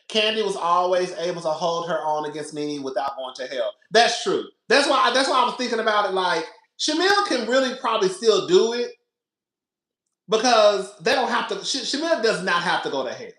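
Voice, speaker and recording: Bright and forceful, this man's high voice stays very animated at a moderate pace as he hosts a podcast of casual reality TV commentary. He's sassy, laughs constantly, repeats himself, and addresses listeners as "girl," all in an echoey room.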